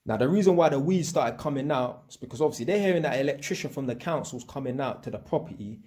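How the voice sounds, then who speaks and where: A young English man with a medium-pitched voice talks quickly, his sound reverberant. He's telling a casual, slangy story about his work as an electrician, animated throughout and acting out the people he quotes.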